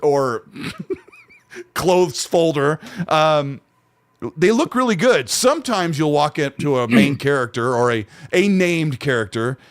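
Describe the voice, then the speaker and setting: Male podcast host, slightly high voice, dry close sound, conversational. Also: expressive, takes it slowly, no room sound. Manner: conversational, reads aloud from notes. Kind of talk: casual chat.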